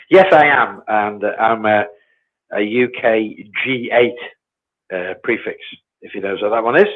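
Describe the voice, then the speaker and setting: A man's voice: fairly low pitch, slow, long pauses, a bit bright, dry recording, rough recording. A man answering viewer questions as a guest on a live stream, plain-spoken and laughing easily.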